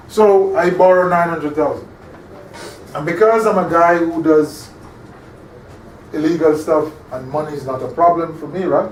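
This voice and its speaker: A man's voice: fairly high pitch, moderate pace, pauses often. A male instructor giving an interactive classroom lecture, often quizzing his listeners and checking that they follow. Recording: echoey room, distant mic, faint hum.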